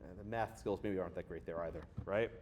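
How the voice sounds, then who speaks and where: Speaking fast in a low-pitched voice, a man gives a guest lecture in a lecture hall, spinning a sarcastic story and animatedly performing the voices he quotes. There's slight background noise.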